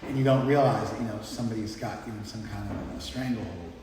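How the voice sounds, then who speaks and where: A man's voice: fairly low pitch, quick pace, a little mellow, far from the mic. A man lecturing a class in a loose, conversational way, stopping now and then to check that his listeners follow. His voice sits well back from the mic in a big, echoing hall with a long reverb. A faint hum of noise runs underneath.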